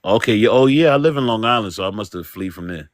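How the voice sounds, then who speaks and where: Mocking low-voiced man, lively pitch. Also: fast, dry recording, clean studio sound. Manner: mocking, incredulous, blunt retorts. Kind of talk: heated casual debate.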